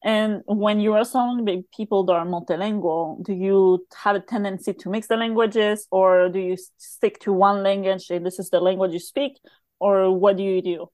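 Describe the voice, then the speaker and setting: A woman's voice: medium pitch, steady tone, moderate pace, a little mellow, no room sound. Woman co-host on a dry close mic. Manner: friendly, laughs along. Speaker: podcast co-host. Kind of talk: casual interview chat.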